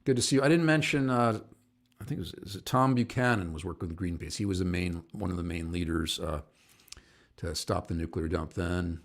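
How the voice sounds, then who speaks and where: A man's voice: deep voice, a little fast. A middle-aged man, a singer and activist, rambles and chuckles as he tells stories and greets viewers by name on his live online show. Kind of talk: casual live-stream storytelling.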